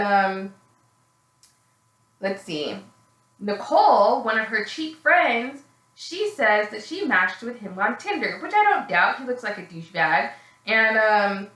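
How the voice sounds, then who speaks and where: A woman recapping a reality TV episode in a casual vlog, blunt and sarcastic, swearing freely and mimicking the people she quotes in a shrill voice. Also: sharp tone, roomy sound, low-quality recording. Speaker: reality TV reviewer.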